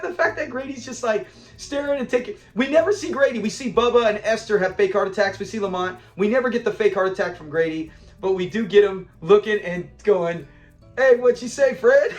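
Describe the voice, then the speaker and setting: A man hosting a casual episode review, excitable, laughing often and acting out the characters' lines. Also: sits high, normal speed, faint music behind. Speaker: episode reviewer, channel host. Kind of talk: casual video commentary.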